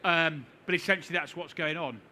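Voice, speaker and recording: A man's voice: on the high side, brisk, pushed and bright, a little hiss or hum. A middle-aged man giving a seminar talk, telling a story to a live audience with wry, self-deprecating humor. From United Kingdom. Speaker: seminar speaker. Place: conference hall.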